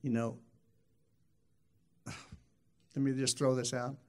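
A man's voice: medium pitch, little pitch movement, takes it slowly. A man preaching a sermon in an emphatic, repetitive way, often restarting phrases and acting out quoted voices.

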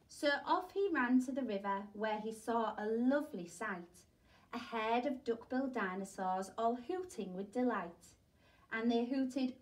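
A woman teacher reads a rhyming picture book aloud for children, telling it expressively. She takes her time, with a fairly high voice. The recording sounds distant, as if she is sitting back from the microphone. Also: expressive, measured pace. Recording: voice distant from the mic.

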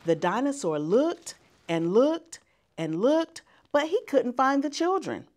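A woman reading a children's picture book aloud as a guest reader, in an expressive storytelling manner. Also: high voice, takes it slowly.

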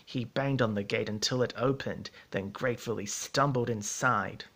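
A man narrating a storybook in a measured, steady reading voice. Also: on the low side.

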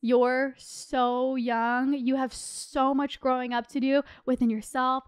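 A young woman in her twenties chats on her podcast in a high, smooth, clear voice. She gives heartfelt advice casually, full of "like" and "you know". The sound is close and dry. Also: little pitch movement, slow pace, no room sound. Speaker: podcast host.

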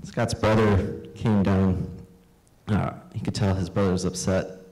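A man's voice: low-pitched, little pitch movement, measured pace, mellow, soft background music, rough recording. A middle-aged man, a cartoonist, reading his own comics aloud with wry, self-deprecating asides.

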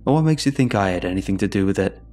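A man voicing a bad-tempered, hostile father who snaps and yells threats. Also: on the low side, sing-song, a little fast, faint music behind. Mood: angry, threatening. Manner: snapping, yelling, menacing.

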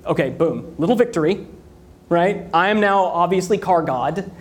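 Man, keynote speaker, higher voice, energetic, rhetorical, repeats for emphasis. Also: moderate pace. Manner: animated storytelling with rhetorical questions and repetition. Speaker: conference speaker.

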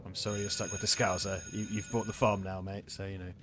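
A man's voice: low voice, level tone, fast, a bit bright. A man hosting a let's play, chatting casually and joking, often swearing and putting on silly accents. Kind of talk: casual gaming chat. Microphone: lavalier.

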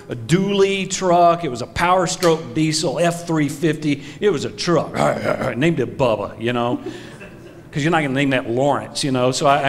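A man giving a comedic talk to a live audience, telling stories animatedly in a hall. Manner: animated storytelling, jumps high on punchlines. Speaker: speaker.

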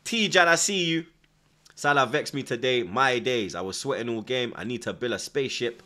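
Young man, watchalong streamer, bright pushy tone, heavy slang, constant shout-outs. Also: mid-range voice, normal speed. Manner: slangy, repeats "blood" and "you get me"; shouts out viewers from the chat. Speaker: livestream host. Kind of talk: football watchalong chat.

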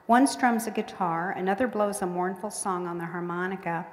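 A woman's voice: on the low side, normal speed. Woman author reading aloud in a hall. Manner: folksy storytelling. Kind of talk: reading her book aloud. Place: museum courtroom. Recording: echoey hall with long reverb.

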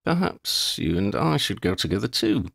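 Narrator doing a measured, tactful young man, polite and careful, storybook reading. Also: lowish voice, big pitch swings, creaky, fairly bright tone, dry recording, studio quality, full character voice.

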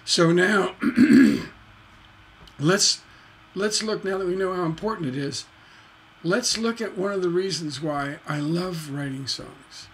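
Man teaching songwriting, slow and easygoing. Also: sits high. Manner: relaxed and folksy, hums melodies on "da da". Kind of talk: teaching on a charity livestream.

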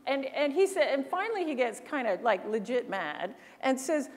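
A woman from Canada giving an animated storytelling keynote on a conference stage, often acting out other people's voices. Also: high voice, normal speed, few pauses. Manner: animated, acts out quoted voices. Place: large conference hall. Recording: long hall reverb.

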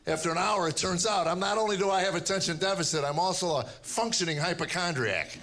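A man's voice: sits high, quick pace. A man in his sixties doing a stand-up routine on stage, telling stories in a dry way and acting out the quotes. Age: 60s. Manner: dry storytelling with acted-out quotes. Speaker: stand-up comedian. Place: comedy stage with a live audience. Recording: loud audience laughter and room noise.

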